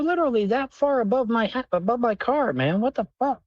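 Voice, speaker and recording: A man's voice: extremely high pitch, big pitch swings, brisk, no echo. A man hosting a livestream, rambling and swearing as he answers questions from the chat while in a car. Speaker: livestream host. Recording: dull, dry lo-fi stream audio.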